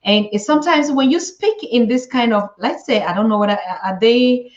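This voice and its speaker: A woman interviewing a guest, halting and restarting as she searches for her words. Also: fairly high pitch. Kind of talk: conversational interview. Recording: echoey, dull lo-fi sound.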